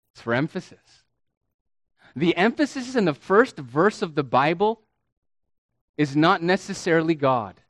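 A man preaching a sermon as a pastor, teaching with deliberate emphasis and stretching key words, calling his listeners beloved and friends. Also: sits high, fairly bright tone, no echo.

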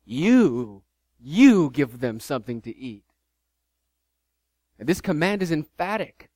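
A pastor preaching with lively, shifting emphasis, his voice sitting a little high for a man. The sound is close and dry, with no room around it. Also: takes it slowly, pauses often, no room sound. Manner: animated preaching, voices the disciples mockingly. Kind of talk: sermon.

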